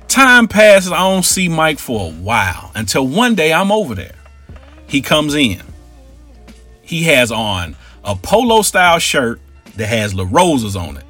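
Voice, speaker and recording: A man telling a comic story with a bright, slightly husky voice. His pitch jumps all over the place as he acts out each character. Faint music plays behind him. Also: sing-song, normal speed.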